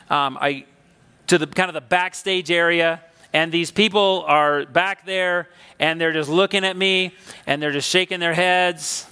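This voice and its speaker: Delivering his sermon as if recounting something personal, this pastor speaks in a high, bright, clean voice, relaxed and conversational but rising into emphatic swells. Every line trails off into the lengthy reverb of a church sanctuary.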